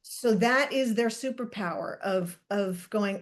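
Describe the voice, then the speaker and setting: A woman hosting a podcast in casual chat, animated and jokey, thinking aloud as she explains. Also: medium pitch, unhurried. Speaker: podcast host and Human Design reader.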